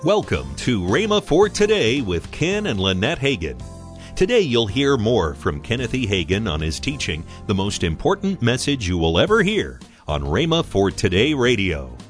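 A man reading a scripted radio program introduction in an animated announcer delivery. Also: on the low side, normal speed, faint music behind.

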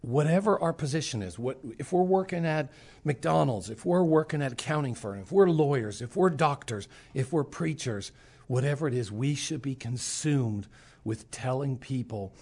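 A man's voice: mid-range voice, moderate pace, slightly rough. A middle-aged man, a preacher, telling a personal testimony in casual talk and acting out the voices of the people in his story. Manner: animated storyteller, acts out quoted voices.

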